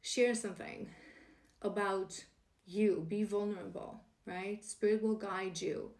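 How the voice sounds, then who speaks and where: A woman's voice: mid-range voice, fairly even intonation, takes it slowly, reverberant. A woman reading tarot-style cards as spiritual guidance, earnest and encouraging, often restarting her sentences. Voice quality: emotional, laughing warmly at times. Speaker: tarot card reader.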